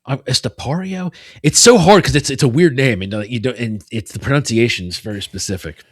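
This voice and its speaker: A man co-hosting a podcast in casual chat, rambling and swearing, often dropping to a low mutter. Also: fairly quick, dry recording, clean studio sound. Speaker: podcast co-host.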